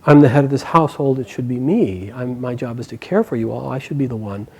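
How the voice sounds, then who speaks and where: A solemn, subdued father who speaks quietly as head of the house, as a storyteller puts him on. He sounds dutiful and resigned. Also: medium pitch, quick pace, husky.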